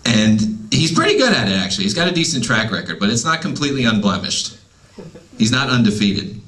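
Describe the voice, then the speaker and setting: A man's voice: mid-range voice, very animated, brisk, fairly bright tone. A man in his thirties doing a wry, self-deprecating stand-up comedy set at an open mic night.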